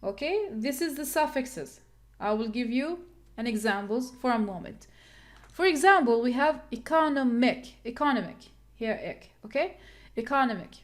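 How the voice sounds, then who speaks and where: A woman's voice: a little high, animated, moderate pace. A woman teaching English word stress, repeating words and counting syllables aloud. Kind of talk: classroom lesson on word stress.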